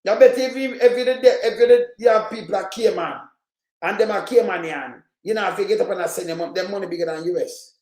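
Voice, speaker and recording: A man's voice: high-pitched, fast talker, a little mellow, echoey room. A man with a Jamaican accent delivering impassioned political commentary, repeating himself for emphasis. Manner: repetitive, emphatic, patois-heavy.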